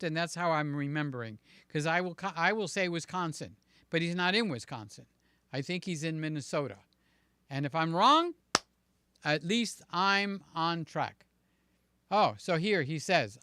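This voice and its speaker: A man hosting a live stream, chatting casually and warmly greeting his viewers by name. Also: a little high, lively intonation, unhurried, clean tone, dry recording. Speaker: livestream host.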